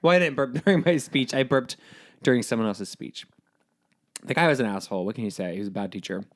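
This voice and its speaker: A man's voice: mid-range voice, fast talker. A man co-hosting a podcast, telling stories in a playful, jokey way with frequent laughter. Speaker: podcast co-host. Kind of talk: casual chat.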